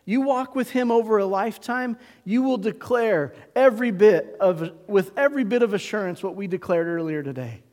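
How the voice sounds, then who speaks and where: A middle-aged male pastor preaching a sermon in a church, emphatic, with dramatic pauses and call-and-response. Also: high voice, darkish tone, long reverb tail. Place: church sanctuary.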